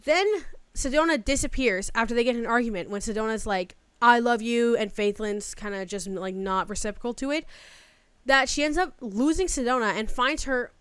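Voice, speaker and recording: Woman narrating commentary, crisp and dry. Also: a little high, normal speed, a bit bright, no room sound. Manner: casual, summarizing with fillers like "like". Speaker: commentary video host.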